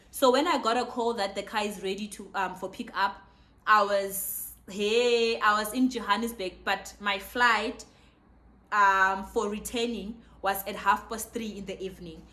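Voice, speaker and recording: A young South African woman with a South African accent telling a personal story, excitable and emotional. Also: mid-range voice. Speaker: vlogger. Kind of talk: casual storytime.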